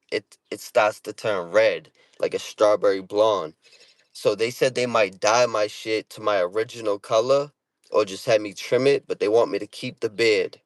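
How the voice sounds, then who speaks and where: A man's voice: lowish voice, no echo. A middle-aged man, chatting casually with viewers on a livestream in streetwise, profane slang, often repeating himself. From Boston area. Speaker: livestream host.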